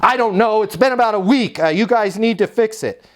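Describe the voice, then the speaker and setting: A man's voice: sits high, steady tone, racing, a little mellow, pitched above the performer's own voice, natural voice. A man voicing an irritated woman apartment resident who insists and repeats her complaint during a training role-play. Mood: impatient.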